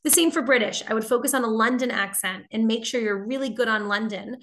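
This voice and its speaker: American woman, slightly high and crisp, chatty exam-prep webinar teacher. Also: quick pace, fairly bright tone. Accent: General American. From Boston, United States. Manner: chatty, answering viewer questions as she goes. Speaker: TOEFL teacher. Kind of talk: live webinar lesson.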